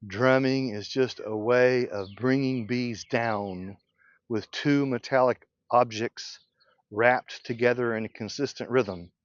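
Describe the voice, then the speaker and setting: Man, beekeeper, slow easy delivery, thinking aloud, dry dull lo-fi outdoor recording. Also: mid-range voice, dry recording. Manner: unhurried, thinking aloud, clears throat and coughs often. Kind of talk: casual teaching while working. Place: outdoor apiary.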